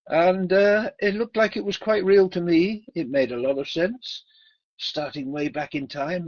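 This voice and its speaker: A man's voice: on the high side, darkish tone, dry recording. A man moderating an online debate room, swearing freely, joking and laughing as he talks. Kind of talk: casual chat. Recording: muffled lo-fi mic.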